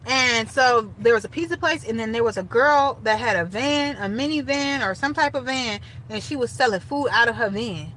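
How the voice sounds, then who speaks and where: A young woman casually telling a story straight to her viewers, animated and chatty. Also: on the high side, normal speed, hardly any pauses, a little hiss or hum, poor audio. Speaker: storytime vlogger.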